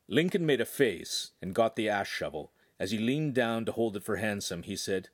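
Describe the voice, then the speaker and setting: A man narrating an audiobook in an expressive storytelling manner. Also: lowish voice, normal speed, hardly any pauses. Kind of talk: scripted narration.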